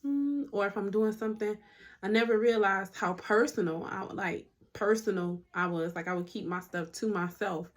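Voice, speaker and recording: A woman's voice: mid-range voice, normal speed. A young woman talks straight to her phone camera at home in a casual, heartfelt way. She calls her viewers y'all and turns emotional, close to tears at times. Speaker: vlogger. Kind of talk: casual faith testimony to camera.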